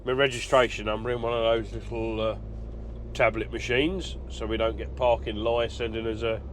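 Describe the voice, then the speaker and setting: A man's voice: mid-range voice, fairly even intonation, normal speed, slight background noise. A middle-aged man, chatting casually in a trucker vlog, rambling with lots of ums and uhs. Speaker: truck driver vlogger.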